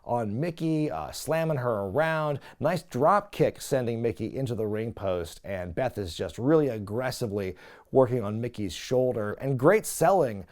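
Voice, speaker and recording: A man hosting a casual wrestling recap, talking in an animated, chatty way with lots of filler words. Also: mid-range voice, moderate pace. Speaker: wrestling recap podcast host.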